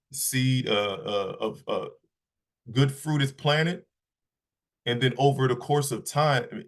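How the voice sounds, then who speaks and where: Slow, halting man teaching scripture. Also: mid-range voice. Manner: halting, repeats words, reads scripture aloud slowly. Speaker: Bible teacher. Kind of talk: Shabbat Bible lesson.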